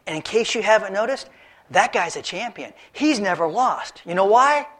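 A man's voice: high voice, lively intonation, normal speed, a bit bright, pitched above the performer's own voice. A man voicing a doubtful king who lectures a young challenger in a preached story. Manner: skeptical, lecturing. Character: doubtful older male king.

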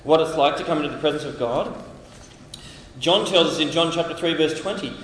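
An Australian man preaching at a camp, lively and dramatic, acting out lines from scripture. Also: on the high side, brisk, slight background noise. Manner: animated, acts out voices from scripture passages. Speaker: camp speaker. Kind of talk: sermon. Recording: echoey hall, heard from a distance.

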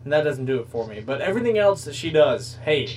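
A man's voice: fairly high pitch, sing-song, fast talker, recorded from a distance, slight background noise, rough recording. A man hosting a podcast, rambling through crude comedic bits in casual chat. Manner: jokey, rambling, crude humor. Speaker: podcast host.

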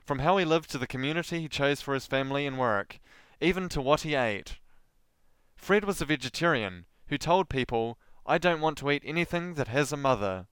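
A man's voice: medium pitch, a bit bright, clean tone, no room sound. A man with a Southland New Zealand accent hosting a podcast, reading a scripted monologue with a dry, self-deprecating delivery. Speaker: podcast host.

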